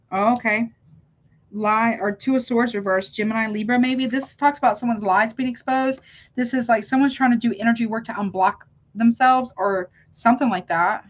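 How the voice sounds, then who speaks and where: A woman reads tarot cards on a live stream. She chats loosely with her viewers, breaks off mid-sentence and calls them honey. Her voice sits a little high, and the sound is dull and lo-fi. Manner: chatty, calls viewers honey, self-interrupting. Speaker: tarot reader. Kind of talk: live tarot reading, reacting to chat.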